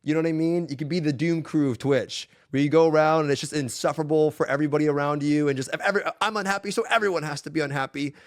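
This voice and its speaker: A male game streamer rants in a heated, profane, emphatic way, talking straight to his viewers. His voice sits high for a man. It is casual live-stream talk. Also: steady tone, racing, few pauses.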